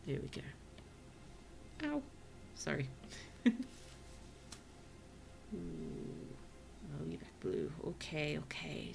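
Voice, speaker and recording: Slow, gravelly-voiced woman streamer. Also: sits low, expressive, slight background noise. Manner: slow, chatty, talks to the villagers, drops to soft whispers. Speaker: VTuber streamer. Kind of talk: casual gameplay commentary.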